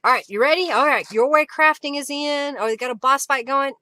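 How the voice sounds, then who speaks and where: A woman's voice: sits high, a little fast, pushed and bright. A woman with an Oklahoma accent hosting a live crafting stream, chatting with viewers and thanking them by name. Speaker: craft livestream host. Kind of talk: casual live-stream chat.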